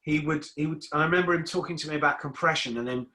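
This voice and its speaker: A man's voice: fairly high pitch, quick pace, sharp tone. A middle-aged man talking as a guest in a casual interview, rambling and repeating words as he restarts his sentences. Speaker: guest musician.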